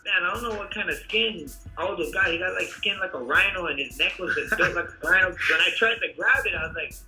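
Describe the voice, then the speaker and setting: A man's voice: high voice, brisk, soft background music, low-quality recording. A man, a fighter, animatedly recounting a fight in a casual interview, full of fillers. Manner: animated storytelling, frequent fillers.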